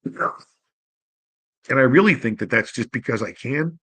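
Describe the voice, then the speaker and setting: A man's voice: medium pitch, expressive, unhurried, fairly bright tone, breathy edge, no room sound, low-quality recording. A man hosts his own show alone, talking in a loose, rambling way full of "you know." He is candid and self-deprecating and swears casually. His voice sits in an ordinary middle range, recorded dry with no room sound. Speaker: host. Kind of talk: casual solo livestream monologue.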